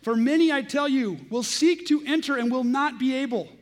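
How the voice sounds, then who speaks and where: A man with a strikingly high voice preaches in an earnest, pointed way, citing scripture by chapter and verse. His teaching sounds firm and deliberate. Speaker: Christian preacher. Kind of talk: critical sermon-style teaching.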